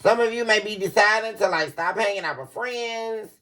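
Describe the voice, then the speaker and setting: A woman doing a casual tarot reading for her viewers, animated and quick to laugh, calling out to them often. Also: medium pitch. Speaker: tarot reader.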